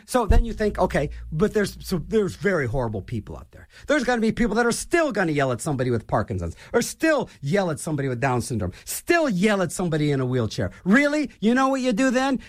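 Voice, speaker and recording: A man with a high-pitched voice rants for laughs, his delivery swooping up and down as he rambles. He restarts his sentences often and slips into mock voices, keeping the monologue loose and animated. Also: fast talker, hardly any pauses. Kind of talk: comedic rant.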